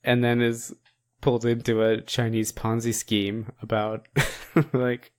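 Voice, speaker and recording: A man's voice: mid-range voice, little pitch movement, slow. A man co-hosting a podcast in casual chat, rambling with many fillers and frequent laughs. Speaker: podcast co-host.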